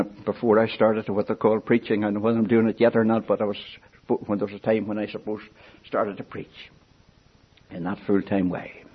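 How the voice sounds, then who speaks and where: An older man preaching a sermon in an earnest, pleading way, swinging from soft asides to raised appeals. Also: slightly rough. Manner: earnest, pleading, rises and falls in pitch and loudness. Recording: dull lo-fi recording.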